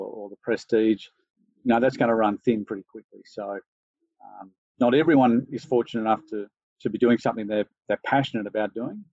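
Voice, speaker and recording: A man's voice: on the low side, darkish tone, husky, dry recording. Laid-back Australian man, dry dull sound. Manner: easygoing, thinks aloud with many fillers and restarts. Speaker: interview guest, organisation chief executive. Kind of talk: relaxed conversational interview.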